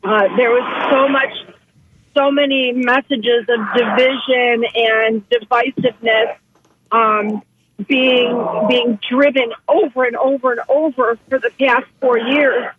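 Halting woman calling in by phone. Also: a little high, steady tone, noisy background. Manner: halting and emotional, many pauses and restarts. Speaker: caller. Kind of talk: phone call to a radio show. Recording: tinny phone line.

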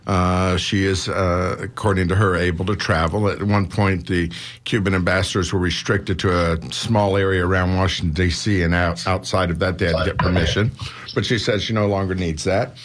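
A man's voice: deep voice, fairly even intonation, normal speed. A man, a newspaper publisher, explaining his views earnestly as a guest in a radio interview. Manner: earnest, explanatory, builds to rhetorical questions. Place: radio studio.

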